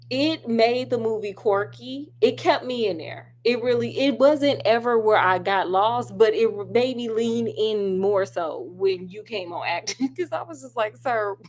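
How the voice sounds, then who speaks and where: A woman's voice: fairly high pitch, lively intonation, measured pace, a little mellow, slight background noise. A woman chatting casually about a film with lots of asides, talking straight to her viewers while she does crafts at home. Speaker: film reviewer.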